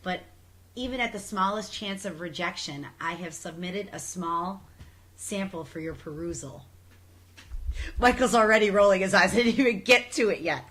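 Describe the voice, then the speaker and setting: A woman's voice: mid-range voice, a bit bright, poor audio. A woman co-hosting a live web talk show, chatting casually and reading fan mail and poetry aloud with mock drama.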